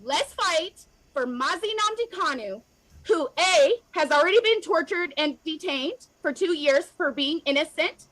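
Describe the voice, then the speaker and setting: A woman's voice: very high voice, animated, measured pace, a bit bright, low-quality recording. An American woman speaking straight to camera in an emotional, impassioned rant, repeating herself and calling out governments directly. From United States. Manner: fiery, repetitive, addresses governments directly. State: emotional, near tears at times. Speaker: activist vlogger.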